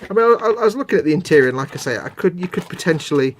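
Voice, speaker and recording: A man's voice: fairly high pitch, animated, very fast, slight background noise. A middle-aged man, hosting a late-night model-building live stream in rambling, self-mocking chat. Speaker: host.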